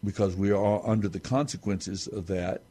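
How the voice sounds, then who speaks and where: A man explaining scripture on a talk show in a halting, measured way with many restarts. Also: fairly low pitch, fairly even intonation, dark tone. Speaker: Bible teacher on a talk show. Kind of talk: unscripted Bible discussion.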